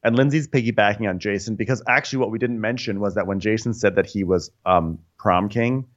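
A man's voice: lowish voice, fairly quick. A man co-hosting a comedic reality TV recap podcast, making wry joking asides and laughing often. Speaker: podcast co-host. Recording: slightly dull lo-fi sound.

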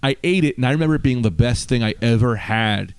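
A man's voice: medium pitch, fast talker, very noisy. A man from North Jersey, a podcast guest telling stories in casual chat and swearing freely. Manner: animated storyteller, swears freely.

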